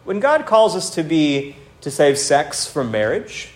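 A man delivers a sermon in a somewhat high voice, earnest and direct. He puts pointed questions to his listeners. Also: sing-song, measured pace. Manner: earnest preaching with rhetorical questions and acted quotes. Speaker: pastor.

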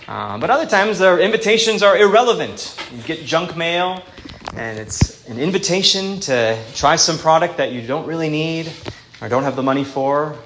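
A man preaching a sermon in an earnest, plain-spoken way, slowing down to quote scripture. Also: a little high, a bit bright, a little hiss or hum.

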